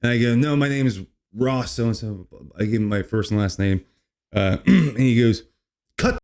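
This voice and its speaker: Rambling man telling a wild story. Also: normal speed. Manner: rambling, says "dude" constantly, lively swings in pitch. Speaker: comedy podcast host. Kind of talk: casual storytelling monologue.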